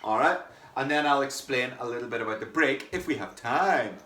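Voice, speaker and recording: A man's voice: mid-range voice, animated, fairly quick, pushed and bright. A man teaching a samba percussion lesson online, chanting the rhythm phrases and talking with fillers and restarts. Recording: echoey room, mic some distance away.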